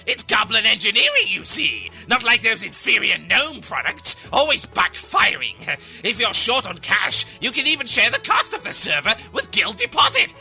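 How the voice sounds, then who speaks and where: A man voicing a shifty male goblin salesman in a comic ad, high and gravelly. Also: wildly swooping pitch, normal speed, few pauses, pushed and bright, soft background music, full character voice. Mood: wheedling. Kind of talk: comic radio ad.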